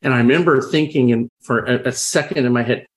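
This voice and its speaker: A man's voice: medium pitch, fairly quick. A man sharing experiences in a reflective, conversational way, often restarting sentences and acting out quoted dialogue. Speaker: podcast guest, crisis responder. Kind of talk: conversational storytelling.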